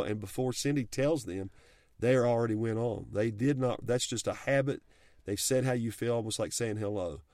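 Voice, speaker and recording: A man's voice: medium pitch, darkish tone, dry recording, clean studio sound. A middle-aged man giving earnest, folksy advice on marriage and faith, speaking plainly with frequent restarts. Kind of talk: heartfelt talk on marriage and faith.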